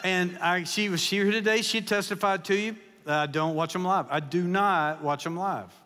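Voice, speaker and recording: A man tells folksy, joking stories as a guest preacher. His voice sits high and sounds bright and forceful. Long reverb from a large church hall trails behind every phrase. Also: moderate pace. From Kentucky. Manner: folksy, joking, animated storytelling. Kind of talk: humorous sermon storytelling.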